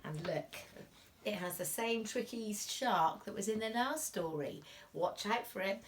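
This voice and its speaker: A woman teacher reading a picture book aloud to young children, animated and expressive, dropping to whispers at tense moments. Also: medium pitch, unhurried, slight background noise. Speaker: reception class teacher.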